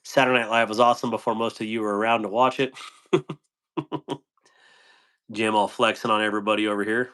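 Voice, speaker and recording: A man's voice: fairly low pitch, level tone, fairly quick, pauses often, fairly bright tone, clean tone. A man hosting a live stream, reading and answering chat comments in a playful way, laughing often and tripping over tongue twisters.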